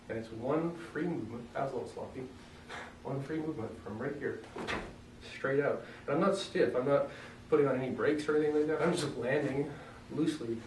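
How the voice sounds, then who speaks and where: A man's voice: mid-range voice, fairly quick, background noise. Joking man teaching from far off. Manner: relaxed, joking, often clears throat. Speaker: self-defense instructor. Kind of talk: casual demonstration lesson. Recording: roomy echo, mic far off, faint ambience.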